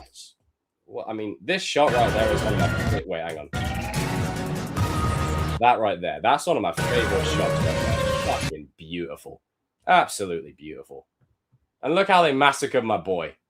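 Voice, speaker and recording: A young man live-streaming, reacting to film clips with animated, profane commentary and sudden loud outbursts. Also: lowish voice.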